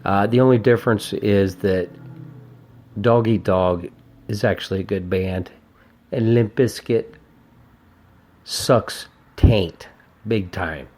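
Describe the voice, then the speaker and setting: A man hosting his own podcast, reviewing an old album in a casual, rambling way, swearing often and getting excited about the music. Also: on the low side, slow pace, long pauses. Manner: profane, rambling and enthusiastic. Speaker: podcast host.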